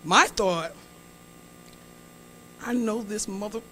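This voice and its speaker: Her voice sits mid-range, a bit bright and expressive, and she takes her time with long pauses. This guest speaker tells a comic story on stage in a big hall, chatting with the audience, teasing and prompting them, and acting out the lines, with slight background noise behind her.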